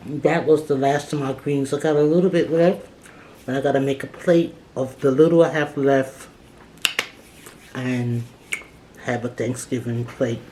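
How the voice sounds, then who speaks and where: A woman's voice: rumbling low, measured pace, long pauses, dark tone, slight background noise. A woman vlogger talking casually while she eats, often with food in her mouth and humming between bites. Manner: talks while eating, mouth full, hums between bites. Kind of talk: casual eating vlog.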